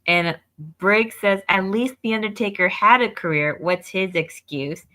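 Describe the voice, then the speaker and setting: Bright-voiced woman recapping events. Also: mid-range voice. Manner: brisk, matter-of-fact recapping. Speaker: co-host of a wrestling review show. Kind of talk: recapping a show on a podcast.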